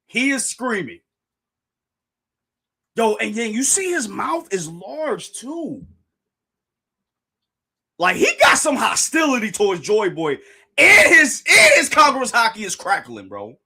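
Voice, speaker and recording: A man hosting a live reaction stream, excitable and slangy, often repeating his phrases. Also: slow, creaky, long pauses, slightly rough. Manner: reads dialogue aloud in a dramatic low voice.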